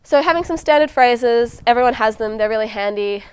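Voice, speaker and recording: A woman's voice: fairly high pitch, a little fast, a little hiss or hum. A young woman in her twenties, a medical student giving a casual exam-prep lecture, chatty and full of ums and likes. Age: 20s.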